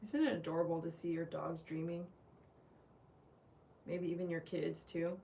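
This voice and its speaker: A woman's voice: fairly low pitch, little pitch movement, moderate pace, vocal fry, mellow, slight background noise. A woman hosting a casual livestream as a dog groomer, chatty and teasing as she talks straight to her viewers.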